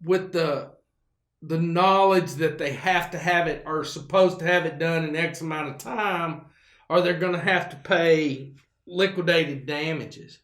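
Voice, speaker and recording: A man's voice: on the high side, measured pace, fairly bright tone, echoey room. A man, hosting his own show and telling a rambling, folksy story full of fillers and restarts. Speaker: show host. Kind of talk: casual storytelling monologue.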